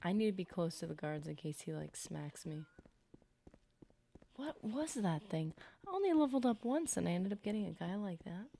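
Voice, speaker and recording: A woman's voice: on the low side, sing-song, moderate pace, creaky, warm tone, a little hiss or hum. A woman streaming a game, chatting casually to her viewers as she plays and rambling from topic to topic. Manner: chatty, rambling, talks to chat while playing. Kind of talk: casual live-stream commentary.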